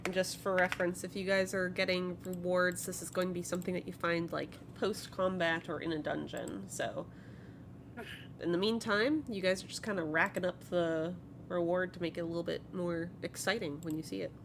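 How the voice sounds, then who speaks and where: A woman running a tabletop game as game master, narrating in a relaxed way with plenty of fillers. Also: on the low side, normal speed, creaky, background noise.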